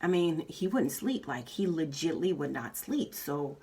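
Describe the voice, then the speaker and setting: Woman vlogger, fairly low voice, candid rambling chat, recorded a bit away from the mic. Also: big pitch swings, unhurried, mellow, recorded from a distance. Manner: candid, rambling, repeats herself, lots of fillers. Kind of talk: casual chat.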